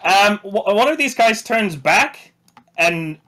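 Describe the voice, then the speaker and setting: A man narrating as game master of a tabletop game, halting and full of restarts. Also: high voice, lively intonation, bright, forceful tone.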